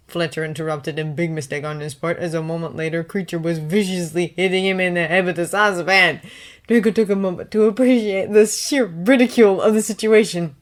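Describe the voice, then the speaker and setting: A woman's voice: on the low side, fairly even intonation, brisk. A woman reading a fanfiction story aloud as an audiobook narrator. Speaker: fanfiction reader.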